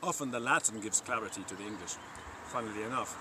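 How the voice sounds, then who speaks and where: A man teaching a Latin vocabulary lesson from a dictionary, repeating each Latin word slowly and clearly for learners, recorded by a roadside. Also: fairly low pitch, noisy background. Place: parked by a roadside in a river valley, outdoors or in a vehicle.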